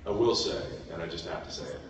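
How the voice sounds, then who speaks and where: A man's voice: sits low, lively intonation, fast. Man, convention panel guest, rambling and laughing, caught on a phone from far back in a noisy, echoey hall. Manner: laughing, rambling storyteller with many restarts. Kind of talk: casual stage talk. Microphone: phone stream from the audience.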